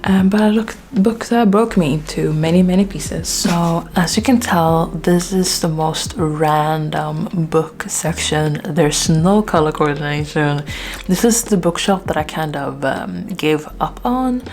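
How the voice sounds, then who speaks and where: A woman's voice: sits low, measured pace, darkish tone. A woman from Sweden giving a casual bookshelf tour, chatty and self-deprecating with plenty of fillers, a little out of breath. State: slightly out of breath. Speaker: book vlogger.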